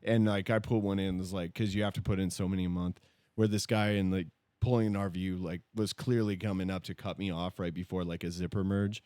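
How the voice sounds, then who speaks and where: A man hosting a casual podcast, telling animated, profane stories between laughs. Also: low-pitched, fairly quick, no echo. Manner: animated storyteller, swears freely. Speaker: podcast host.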